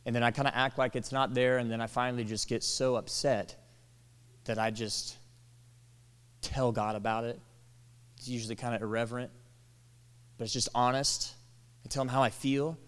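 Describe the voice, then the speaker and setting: A man preaching a sermon, animated, acting out quoted lines and dropping to soft, tender tones. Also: mid-range voice, normal speed, pauses often, clean tone. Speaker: pastor. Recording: long hall reverb.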